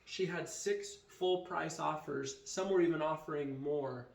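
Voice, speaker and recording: Man, vlog storytelling, animated, slightly high voice, echoey room. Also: a little slow, vocal fry. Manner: animated retelling that acts out quoted dialogue. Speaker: vacation rental owner and vlogger.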